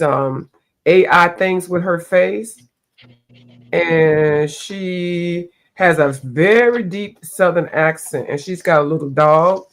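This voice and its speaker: A woman hosting a livestream, chatting casually while she colors, rambling and searching for names, a bit stuffy from allergies. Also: fairly low pitch. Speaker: livestream host.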